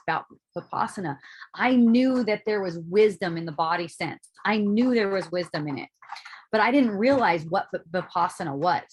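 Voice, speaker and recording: A woman's voice: medium pitch, a little hiss or hum. A woman telling a personal story in a candid, casual monologue, talking the way she would to a friend. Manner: candid, casual and animated, with frequent "um" and "like", occasional swearing. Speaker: spiritual speaker and author.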